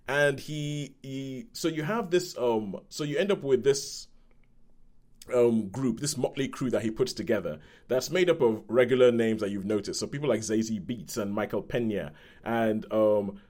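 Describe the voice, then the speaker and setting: A man reviewing a film on a podcast in casual chat, retelling the story in a rambling, animated way. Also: mid-range voice.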